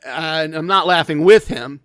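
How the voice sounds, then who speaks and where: Animated, high-voiced male podcast host. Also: a little slow, clear, resonant tone, dry recording. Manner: animated, self-deprecating, with restarts. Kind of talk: casual storytelling.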